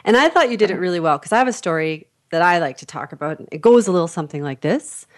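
A woman's voice: fairly low pitch, lively intonation, fast. A woman from Canada hosting an interview, chatting casually, laughing often and acting out voices in her anecdotes. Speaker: podcast host, interviewer.

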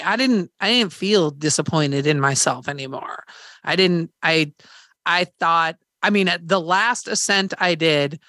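A woman's voice: fairly low pitch, a bit bright, dry recording, studio quality. A woman hosting a podcast, candidly retelling a hard experience in casual chat, swearing freely and acting out quoted dialogue. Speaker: podcast host.

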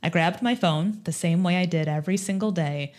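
A middle-aged woman who once hosted TV news tells a personal story in a brisk, lowish voice. She's animated throughout and acts out the quoted dialogue.

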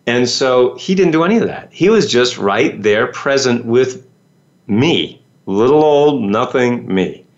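Guy telling a story to folks, lively, does the voices, kinda muffled lo-fi audio. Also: medium pitch, unhurried. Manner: animated, acts out quoted voices, many fillers. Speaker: speaker telling a personal story. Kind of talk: casual storytelling talk.

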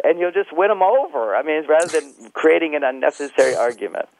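A man's voice: on the high side, animated, fast, a little hiss or hum. A middle-aged man who works as a relationship counselor gives advice in an interview, reflectively talking himself through examples and chuckling often. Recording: tinny phone-like line, dry.

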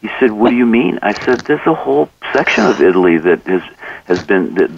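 Radio guest, man, low voice, earnest storyteller; dull, distant mic. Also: slight background noise. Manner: earnest, acts out dialogue in anecdotes. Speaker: author and coach, interview guest. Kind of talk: conversational interview, storytelling.

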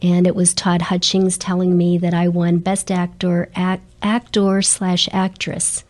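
A woman's voice: lowish voice, flat delivery, a little slow, darkish tone. A middle-aged woman, a guest in an interview, telling her stories earnestly and with animation. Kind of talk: storytelling interview chat.

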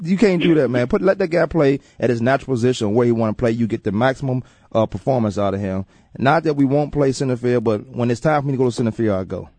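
Man, sports radio host, mellow and husky, dry close sound, animated chat. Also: medium pitch, fast, dry recording. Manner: animated, repeats himself. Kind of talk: casual sports talk.

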